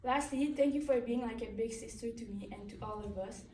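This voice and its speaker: Teen girl, earnest tribute speech, slightly higher voice, faint ambient noise. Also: brisk, warm tone. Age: late teens. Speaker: student athlete giving a tribute. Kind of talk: reading a farewell tribute speech. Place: large echoey hall. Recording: echoey hall, distant mic.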